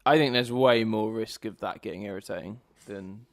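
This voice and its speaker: A man's voice: fairly low pitch, normal speed, no room sound. A man co-hosting a podcast in casual chat, making dry, wry remarks. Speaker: podcast co-host.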